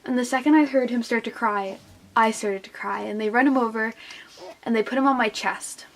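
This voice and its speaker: A woman's voice: a little high, fairly even intonation, normal speed. Chatty young woman vlogger. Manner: chatty, heavy use of "like", retelling with quoted voices. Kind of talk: casual storytelling to camera.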